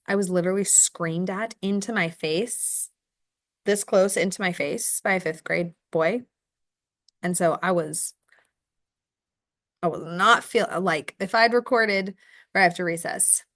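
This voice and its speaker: A woman's voice: mid-range voice, a bit bright. A middle-aged woman teacher talking through her day in a candid, chatty video diary, full of fillers and restarts.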